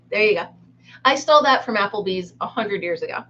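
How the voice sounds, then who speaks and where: A woman's voice: medium pitch, a bit bright. Giggly chatty woman, lo-fi sound. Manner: giggly, chatty, self-mocking. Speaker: live-stream host. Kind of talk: casual live chat with viewers. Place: a room at home.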